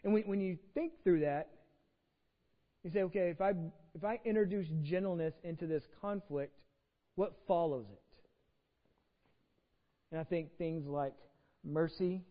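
A high-pitched man from Texas preaches a conversational sermon, asking rhetorical questions and repeating words as he goes. His voice rings with the long reverb of a church sanctuary. The audio sounds dull and muffled. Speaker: pastor.

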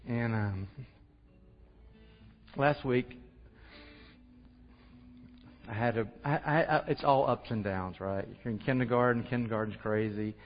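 A man's voice: mid-range voice, normal speed, faint music behind. Man, middle voice, earnest conversational testimony, reverberant hall, dull lo-fi sound. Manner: earnest, conversational, laughs at himself. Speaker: church speaker sharing testimony. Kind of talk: personal testimony and prayer. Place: church hall. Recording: muffled audio with long hall reverb.

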